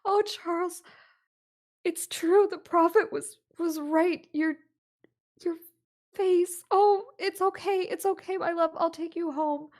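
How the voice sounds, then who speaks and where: A woman voicing an elderly wife who is tearful and overjoyed, speaking in a high, breathless, emotional way. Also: steady tone, slow pace, a little mellow. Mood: tearful joy.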